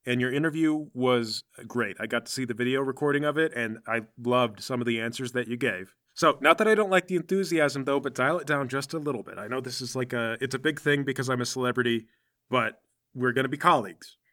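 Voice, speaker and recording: A man's voice: mid-range voice, brisk, natural voice. A man playing an easygoing superhero boss. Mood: friendly. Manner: relaxed, reassuring, chatty. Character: friendly down-to-earth male superhero boss.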